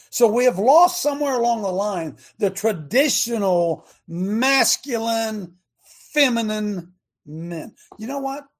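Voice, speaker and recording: A man hosting a radio talk show, preaching in an emphatic way with rhetorical questions and drawn-out key words. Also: high voice, creaky.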